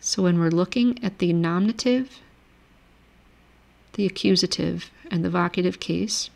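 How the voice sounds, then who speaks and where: A woman with a lowish, gravelly voice teaches a grammar lesson, recorded at a desk mic over a shared screen. She reads vocabulary slowly and patiently, and she explains each rule one step at a time. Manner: patient, reads word lists aloud slowly. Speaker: language teacher.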